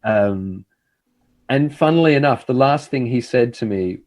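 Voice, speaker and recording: A man's voice: mid-range voice, animated, unhurried, darkish tone. A middle-aged man, a TV host, telling a reflective story in casual conversation.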